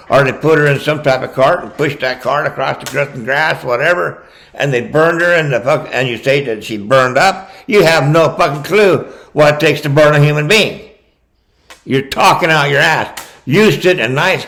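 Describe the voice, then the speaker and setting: With a slightly high, creaky, fairly bright voice on a rough recording, a man rants through true-crime commentary, combative and profane, speaking straight at the person he's criticizing.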